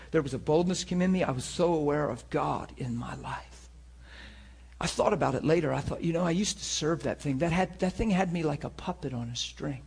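A man preaching a sermon to a class, talking in an animated, conversational way. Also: fairly high pitch, vocal fry, husky.

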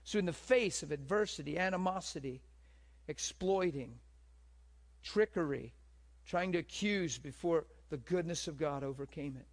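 A man preaching to a gathered room, spinning a story and checking in with his listeners again and again. His voice sits a little higher than most men's. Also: moderate pace. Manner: storytelling, asks the room questions. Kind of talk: sermon. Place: room with a live audience.

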